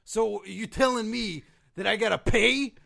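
A man doing a brash wrestler impression in a comedy ad sketch, with a gravelly growl and constant "uh-huh" and "yeah" tags. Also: high voice, measured pace, pushed and bright, voice pushed up, full character voice. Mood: gruff hype.

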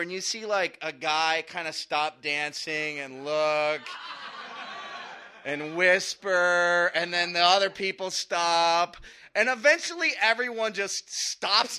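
A man's voice: sits high, sharp tone. A man doing stand-up comedy, telling a long story in a loose, conversational way with a bit of swearing. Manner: conversational, profane, chuckles through his own story.

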